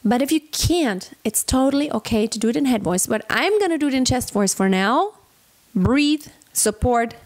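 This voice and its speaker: High-voiced woman coaching a singing lesson. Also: expressive, normal speed. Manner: instructive, encouraging, explains technique step by step. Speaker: vocal coach. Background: faint backing track of the song.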